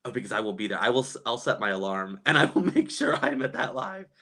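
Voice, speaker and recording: A man chatting casually on a live stream, gossipy and quick to laugh, reading viewers' comments aloud and reacting. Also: lowish voice, very animated, pushed and bright.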